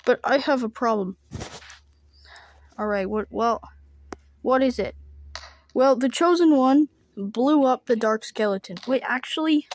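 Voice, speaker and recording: A woman with a slightly high voice tells a playful, homemade role-play story, voicing every character herself. She flips between excited yelps and flat, deadpan asides.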